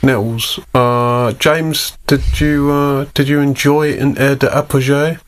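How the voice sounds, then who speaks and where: A man's voice: mid-range voice, fairly even intonation, takes it slowly. A man hosting a casual podcast chat, wry and swearing freely, with lots of fillers. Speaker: podcast host.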